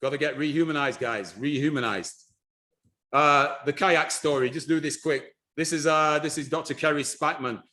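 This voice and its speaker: A man giving a lively presentation on history and culture, animated and repeating himself, with frequent restarts. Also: on the high side, normal speed. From United Kingdom.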